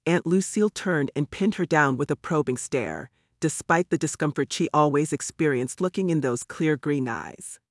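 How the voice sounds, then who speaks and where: A man's voice: fairly high pitch, animated, normal speed, hardly any pauses, dry recording. Male audiobook narrator, dry and close.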